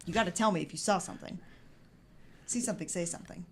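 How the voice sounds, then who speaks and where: A woman's voice: lowish voice, quick pace, slight background noise, close to an everyday voice. A woman voicing a rattled, pushy young man. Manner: urgent, pushy questioning.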